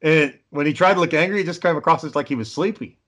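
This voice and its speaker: A man's voice: fairly high pitch, fast, fairly bright tone. A man telling rambling stories in a casual chat, swearing constantly, an amateur filmmaker. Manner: rambling storyteller, heavy swearing.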